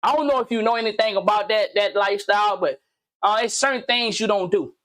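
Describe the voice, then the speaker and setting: Fast-talking and high-voiced with a fairly bright tone, this commentary channel host speaks in animated, casual slang on his own video. He keeps repeating himself and hurling pointed questions.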